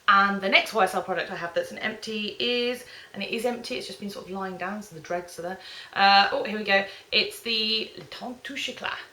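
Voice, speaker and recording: A woman's voice: medium pitch, brisk, bright, forceful tone. A woman, chatting casually through a beauty product review with lots of ums. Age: 30s. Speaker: beauty vlogger. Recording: echoey room.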